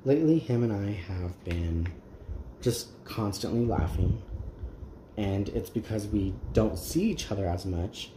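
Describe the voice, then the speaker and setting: With a warm, fairly low, expressive voice at a slightly slow pace, a man talks candidly while crafting for his channel. He says um a lot and restarts often; the room echoes and there's faint background noise.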